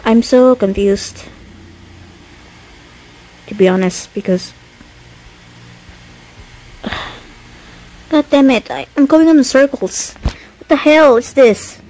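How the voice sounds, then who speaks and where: A woman's voice: high-pitched, takes it slowly, long pauses, a little mellow, poor audio. A woman commentating her own horror game playthrough, talking to herself, easily startled and swearing often, scared with shaking hands. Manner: jumpy, swears a lot, talks to herself. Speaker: gaming YouTuber.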